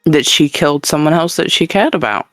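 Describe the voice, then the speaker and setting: A woman's voice: deep voice, lively intonation, fairly quick, a bit bright, no echo, soft background music. A woman describing her character in a tabletop game, hesitant with many fillers. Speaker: player. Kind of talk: tabletop role-play chat.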